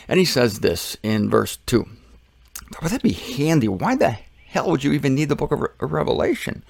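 A man talks through scripture in a loose, joking way. He wanders off track and restarts his sentences. His voice is gravelly at mid pitch, and the sound is dry and close with no room echo. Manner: rambling and joking, often trailing off and restarting. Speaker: Bible teacher and show host. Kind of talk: casual Bible teaching monologue.

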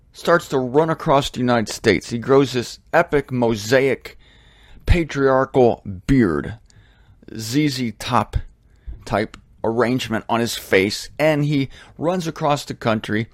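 Rambling, animated man in a dry studio. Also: mid-range voice, no room sound. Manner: rambling, animated, self-deprecating. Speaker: host of a religious talk series. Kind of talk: casual monologue. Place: home studio. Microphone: studio microphone.

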